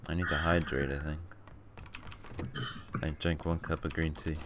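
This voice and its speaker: Young man, very low voice, casual joking game chat, keyboard clicking behind. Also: flat delivery, normal speed, background noise. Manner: joking, laughing often. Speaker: streamer. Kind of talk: casual gaming banter.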